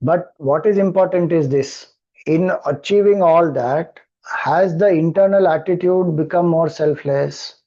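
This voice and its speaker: A man's voice: fairly high pitch, measured pace, warm tone, muffled recording. A man with an Indian accent, a spiritual teacher explaining scripture, who keeps repeating verses and asking rhetorical questions. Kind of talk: scripture discourse.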